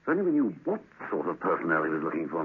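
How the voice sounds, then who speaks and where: An actor in a radio drama playing a suave gentleman spy who asks dry, probing questions, heard on a tinny broadcast. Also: low voice, huge pitch swings, rapid-fire, breathy edge, heavily acted.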